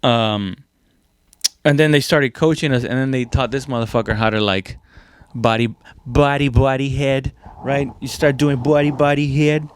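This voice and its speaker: A man's voice: medium pitch, fairly even intonation, moderate pace, clean tone, no room sound. A young man telling a comedy story from his army days, casually and profanely, with many restarts, fillers and sound effects.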